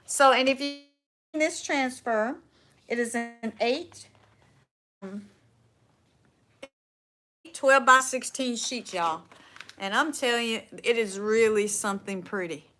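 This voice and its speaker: Speaking slowly with frequent pauses, the host of a furniture upcycling livestream chats casually in a bright, fairly high voice with a Southern US accent. Her folksy, meandering talk is full of "y'all," and her sentences trail off and start over as she works on her craft.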